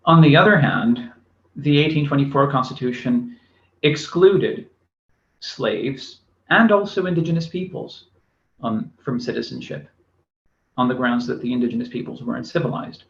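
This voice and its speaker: A man's voice: medium pitch, expressive, normal speed, vocal fry. A man giving a recorded university lecture, speaking with many fillers and restarts. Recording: echoey room, dull lo-fi sound.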